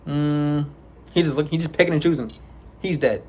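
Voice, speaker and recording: A man's voice: steady tone, a little fast, warm tone, slight background noise. Young man telling a rambling story. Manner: rambling, restarts, sound effects like boom and bow. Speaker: vlogger. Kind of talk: casual storytelling.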